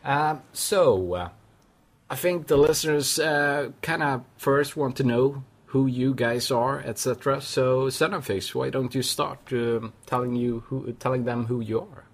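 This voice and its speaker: A man hosting a casual interview, excitable, swearing and stumbling over his questions. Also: mid-range voice, unhurried. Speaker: podcast host.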